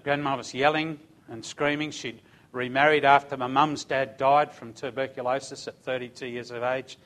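A man's voice: medium pitch, level tone, moderate pace, fairly bright tone. An older man giving a religious testimony, telling his story in an earnest, conversational way.

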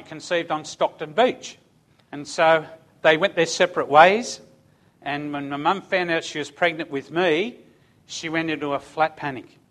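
A man's voice: on the high side, a bit bright. An older man giving a religious testimony, telling his story in an earnest, conversational way.

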